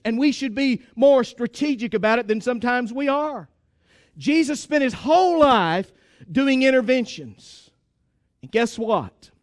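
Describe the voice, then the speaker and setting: A man's voice: very high voice, dry recording, clean studio sound. A man preaching a sermon to his congregation, emphatic and exhorting, repeating phrases for force. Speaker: pastor.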